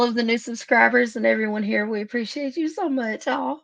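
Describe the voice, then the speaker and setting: Creaky-voiced woman hosting a stream. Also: on the high side, fairly quick, a bit bright. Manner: emotional, chatty, thinking aloud. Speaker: live stream host. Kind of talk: casual live stream chat.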